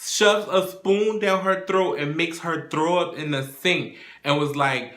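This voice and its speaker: His voice a little high and a bit bright, this TV recap host talks at a measured pace with few pauses. He retells episode scenes casually and profanely, performing the characters' dialogue, and the room echoes.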